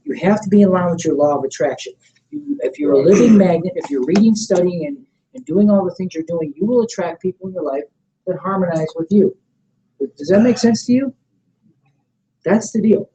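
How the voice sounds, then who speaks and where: A middle-aged man leading a motivational sales training seminar. He coaches with energy, keeps checking that the room is following, and acts out sample pitches. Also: lively intonation, fairly quick, warm tone, muffled recording, a little hiss or hum. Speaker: network marketing trainer.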